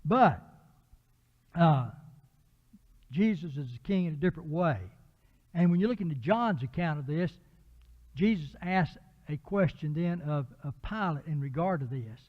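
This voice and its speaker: A man's voice: on the high side, expressive. Man teaching scripture in a reverberant church. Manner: unhurried Bible teaching with many fillers and restarts. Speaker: preacher. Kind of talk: sermon. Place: church auditorium. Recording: dull lo-fi church recording with long reverb.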